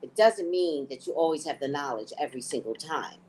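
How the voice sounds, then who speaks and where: A woman's voice: low-pitched, animated, fairly quick, darkish tone, slight background noise, low-quality recording. A woman hosting a casual book discussion. She talks candidly and laughs while telling stories. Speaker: host.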